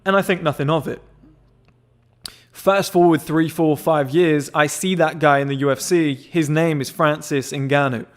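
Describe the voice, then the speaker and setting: A young man telling a rambling, excited story in casual chat, swearing often and filling with "like" and "whatever". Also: a little high, a little slow. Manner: excitable, swears a lot, rambling with many fillers. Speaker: members club founder telling a story.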